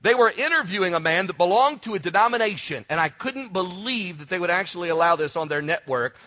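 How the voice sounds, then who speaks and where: A man preaching a sermon, telling stories with animated delivery and sudden shouted emphasis. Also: sits high, fast talker. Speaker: pastor.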